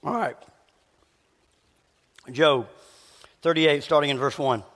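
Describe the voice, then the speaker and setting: High-voiced pastor, scratchy throat. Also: male voice, fairly bright tone, in a large hall. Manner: conversational preaching with a slight rasp, pauses to cough. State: scratchy voice needing a cough drop. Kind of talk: sermon. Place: church sanctuary with long reverb.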